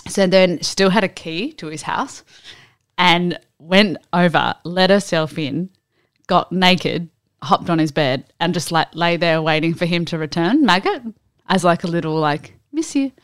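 A woman in her thirties tells a gossipy story on a podcast, filling her sentences with "like." Her voice sits a little low and comes through smooth and resonant. The sound is dry and close to the mic. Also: steady tone, unhurried, dry recording. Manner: chatty storyteller, frequent "like" fillers. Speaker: podcast co-host. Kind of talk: casual chat.

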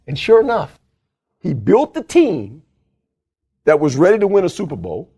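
A man's voice: sing-song, fairly quick, long pauses, a little mellow, slightly rough. An older man, a former football coach, telling stories in an interview with lots of emphasis and laughter, acting out quotes in a raised voice. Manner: emphatic, laughs often, acts out quotes in a high voice. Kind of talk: animated storytelling interview.

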